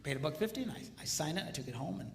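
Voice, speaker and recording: Delivering his comedic marriage talk on stage, the middle-aged man speaks a little high and rapid-fire, with vocal fry. He brings his stories to life by performing voices and sounds for the live audience, recorded in a reverberant hall with faint noise.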